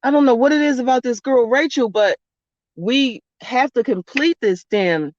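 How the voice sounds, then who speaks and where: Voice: mid-range voice, normal speed, no room sound. Rambly cussing spiritual vlogger, dry muffled lo-fi sound. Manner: blunt, profane, rambling storyteller. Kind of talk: casual spiritual monologue. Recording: dull lo-fi dry recording.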